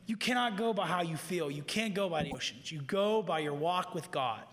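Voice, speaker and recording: A man's voice: high voice, expressive, brisk, a bit bright, in a large hall. A man preaching a sermon in an earnest, conversational way, stressing points through repetition, speaking to people in a room. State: living with heart disease, tires easily. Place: room with an audience.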